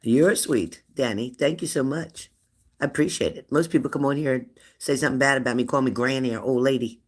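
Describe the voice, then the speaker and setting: A woman in her fifties hosting a live stream, chatting warmly and laughing as she reads out viewers' comments. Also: extremely low pitch, fairly quick. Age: 50s. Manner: chatty and affectionate, laughs often, answers comments aloud. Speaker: livestream host of a spirit-messages channel.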